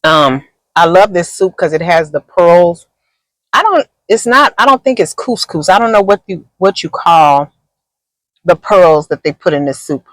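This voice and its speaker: A woman's voice: fairly low pitch, lively intonation, a little slow, no room sound, rough recording. Chatty woman vlogging from her car. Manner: rambling and chatty, many fillers; talks while eating. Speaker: content creator. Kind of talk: casual chatty vlog. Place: inside a parked car.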